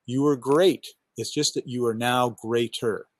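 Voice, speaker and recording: A man coaching on podcasting in a casual chat over a headset mic, talking with lively enthusiasm and acting out his own thoughts. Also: mid-range voice, a little slow. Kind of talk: casual video call chat. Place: outdoors on a backyard balcony.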